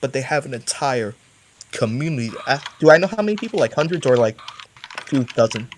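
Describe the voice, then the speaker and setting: A man playing a tabletop game, talking quickly and animatedly with lots of "like". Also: medium pitch, a little hiss or hum. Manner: quick, animated, says "like" a lot. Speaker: player. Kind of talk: casual tabletop play.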